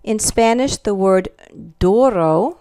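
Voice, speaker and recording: Here the Spanish teacher's mid-range voice is expressive, with vocal fry, and sounds dry and close with no room sound. She moves deliberately slowly, carefully repeating each example word while asking "okay" and "all right" along the way.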